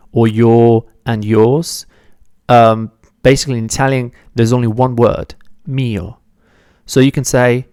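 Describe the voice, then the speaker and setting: Slow, clear-voiced male language teacher. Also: mid-range voice, darkish tone, no echo, clean studio sound. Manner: patient, explains step by step, corrects his own slips. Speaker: Italian teacher. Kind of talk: beginner language lesson.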